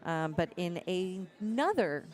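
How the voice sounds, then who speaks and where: A woman's voice: on the low side, big pitch swings, a little slow. A woman co-hosting a pool tournament live stream, announcing upcoming matches in an informative way. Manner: informative, laughs easily. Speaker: stream co-host.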